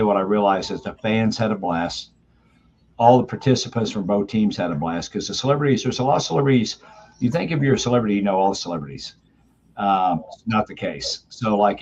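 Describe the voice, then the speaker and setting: Deep-voiced man telling stories. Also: a little mellow, highs cut off, a little hiss or hum. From Texas. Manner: rambling, anecdotal, many fillers. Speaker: guest, company founder. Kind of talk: casual interview storytelling.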